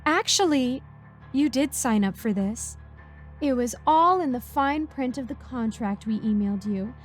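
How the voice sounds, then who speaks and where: A woman's voice: a little high, close to an everyday voice. A woman voicing a creepy, falsely sweet female caretaker in a sing-song, motherly voice.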